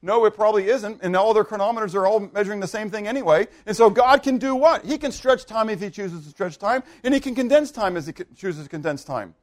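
A pastor preaching a sermon, animated and questioning his congregation, swinging between loud emphasis and hushed asides. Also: high-pitched, fast talker, hardly any pauses.

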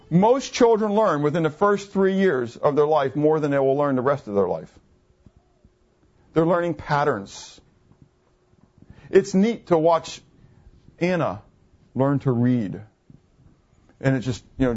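A man's voice: a little high, lively intonation, measured pace, long pauses, a little mellow. A man in his fifties preaching a conversational sermon, asking his listeners questions and answering them himself. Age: 50s. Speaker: pastor. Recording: muffled, lo-fi recording.

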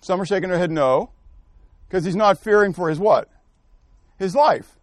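A man's voice: high-pitched, normal speed, no room sound. A man teaching a Bible study, quizzing his class and calling on people by name while he thinks aloud and corrects himself. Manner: asks the class questions and calls on people by name. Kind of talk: interactive scripture lesson.

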